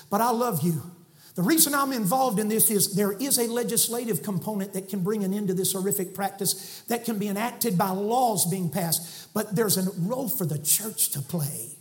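A Southern preacher, a man, delivers a fiery sermon from the pulpit. His voice sits unusually high, and he swings from shouts down to near-hushed lines. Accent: Southern American. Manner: fiery, shouting preacher with sudden soft drops. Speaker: guest preacher. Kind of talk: impassioned sermon. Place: church sanctuary.

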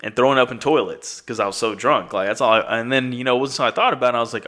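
A man's voice: mid-range voice, very fast, pushed and bright. A man in his thirties telling a rambling, profane story in casual chat, acting out what people said. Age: 30s. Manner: profane, rambling, acts out quoted dialogue.

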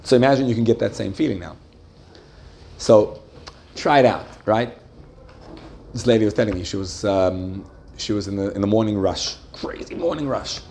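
A man's voice: fairly low pitch, a little hiss or hum. A man giving a religious lecture to a live group, often asking them questions and checking that they follow. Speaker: religious teacher.

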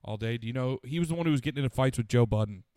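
A man's voice: medium pitch, rapid-fire, dark tone, clean tone, no echo. A young man in casual, profane banter, rambling with laid-back slang.

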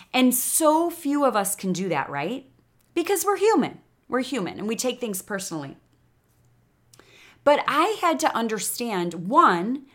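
A woman's voice: mid-range voice, a bit bright. A woman from Chicago hosting a motivational podcast, chatty and encouraging in a casual monologue. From Chicago, United States. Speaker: podcast host. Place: Texas.

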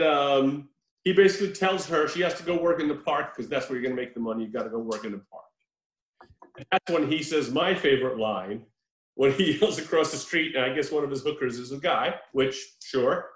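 A man in casual chat, retelling a film with animated, profane storytelling and acted-out lines. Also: mid-range voice, normal speed, reverberant, low-quality recording.

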